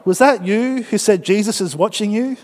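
A jittery burglar who sneers at what he hears, voiced by a preacher. His voice sits high and carries a long echo from a church hall. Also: normal speed, close to an everyday voice. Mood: sneering.

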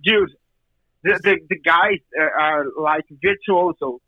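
A Brazilian man with a Brazilian Portuguese accent speaks slowly, stumbling and repeating words as he hunts for the next one. His voice sits fairly high for a man. It comes through a dull, lo-fi phone line. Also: slightly rough, dry recording. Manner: halting, repeats words while searching for them. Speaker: guest musician. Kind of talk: casual interview.

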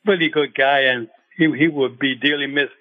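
An older man, a retired boxing referee, speaking as a radio show guest and recalling things in a halting way with many fillers and restarts. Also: mid-range voice, steady tone. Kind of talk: phone-in radio interview. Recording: tinny phone line.

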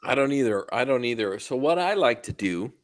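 A man's voice: mid-range voice, animated, a little fast. A man co-hosting a casual podcast, ranting and swearing in a passive-aggressive way. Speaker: podcast co-host. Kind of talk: casual chat.

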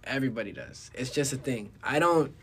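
A young man chatting casually, telling a story with frequent laughter, drifting between low mumbling and loud laughing bursts. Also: expressive, fairly quick, husky. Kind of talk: casual chat.

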